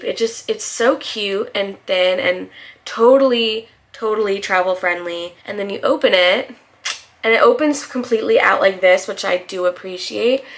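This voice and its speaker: A woman's voice: medium pitch, a bit bright. A young woman with a slight lisp, chatting casually and bubbly as a beauty vlogger reviewing makeup.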